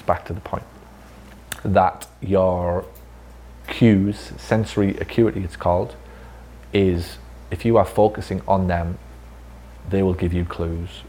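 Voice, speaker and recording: A man's voice: low-pitched, dark tone, slight background noise. A man training clinic staff in a casual talk, swearing freely and acting out conversations. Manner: blunt, swears freely, acts out dialogue. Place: physiotherapy clinic room, with staff.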